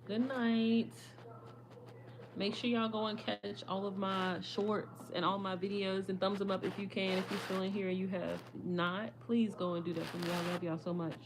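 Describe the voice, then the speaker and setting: A young woman, chatting casually with viewers on a livestream, her voice a little hoarse. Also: mid-range voice, level tone, normal speed, background noise. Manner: chatty, addresses viewers as y'all. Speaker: livestream host.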